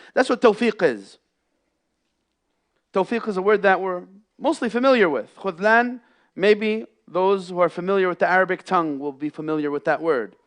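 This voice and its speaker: A man with a fairly high voice preaches a Friday sermon in a mosque. He builds to loud, emphatic peaks and then drops to hushed, quiet lines. He often slips Arabic phrases into his English. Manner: impassioned, swings between loud emphasis and hushed lows, mixes in Arabic phrases. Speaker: imam giving a Friday sermon. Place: mosque prayer hall.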